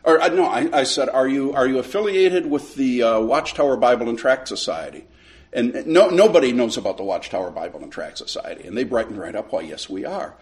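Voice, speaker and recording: A middle-aged man teaching a Sunday school lesson, telling a story with lively acted dialogue and frequent repeated words. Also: medium pitch, brisk. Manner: animated storyteller, acts out both sides of a conversation, repeats words when starting.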